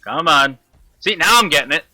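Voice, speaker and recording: A man's voice: on the high side, lively intonation, normal speed, pushed and bright, faint music behind. A man commentating his own gameplay, frustrated and swearing constantly at the enemy he is fighting. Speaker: gamer.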